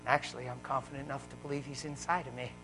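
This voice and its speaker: A man preaching a live sermon in a church, wearing a mic, fervent and swinging between loud exclaiming and hushed talk. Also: medium pitch, fairly even intonation, rapid-fire, rough recording. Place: church service.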